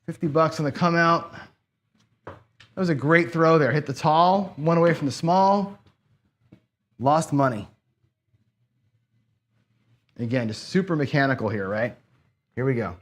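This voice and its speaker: A man's voice: on the high side, animated, normal speed, long pauses. A man casually narrating his own craps game, counting chips and muttering frustrated asides to himself. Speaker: craps channel host. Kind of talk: casual play-by-play while gambling.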